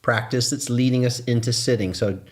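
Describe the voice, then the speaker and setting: A man from England, a qigong instructor, leading a guided standing meditation in a soft, slow voice. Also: mid-range voice, steady tone, echoey room.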